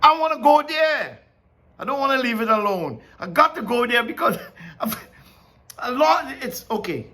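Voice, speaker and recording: A man's voice: extremely high pitch, big pitch swings, normal speed, sharp tone. A man giving an informal Bible teaching. He talks in a conversational way, asks many questions and laughs often. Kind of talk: informal sermon.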